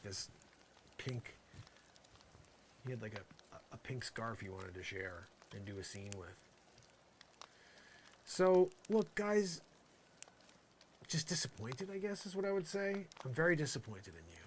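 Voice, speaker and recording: A man's voice: mid-range voice, big pitch swings, measured pace, long pauses, slight background noise. A man doing an improvised comedy monologue in character, rambling and exasperated, full of "you know" asides.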